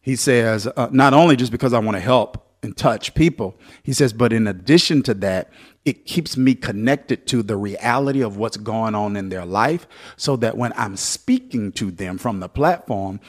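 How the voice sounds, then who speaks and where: A man preaching a sermon as pastor, swinging between loud, lively exhortation and softer storytelling. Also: lowish voice, normal speed.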